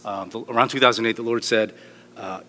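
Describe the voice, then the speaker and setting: A man's voice: on the low side, steady tone, brisk, sharp tone, a little hiss or hum. A middle-aged man preaching a sermon as a pastor, joking and rambling with restarts. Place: church hall. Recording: echoey hall with long reverb.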